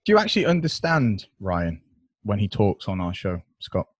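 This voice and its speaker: A man's voice: on the low side, moderate pace, breathy edge, dry recording. Male podcast host, playful ribbing delivery, dry room. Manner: teasing, excitable. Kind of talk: casual chat.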